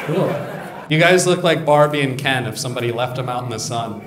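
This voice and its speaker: A man's voice: medium pitch, moderate pace, background noise. A male stand-up comedian doing crude, teasing crowd work, riffing off people in the audience. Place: live comedy venue. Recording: echoey room with crowd. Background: audience laughing.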